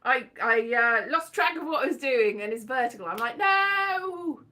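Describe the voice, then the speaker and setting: At home with her phone, a woman talks in a rambling, scatterbrained way, poking fun at herself and bursting into silly sung bits. Her voice is a little high and sharp, her pace a little quick, and keyboard music runs underneath.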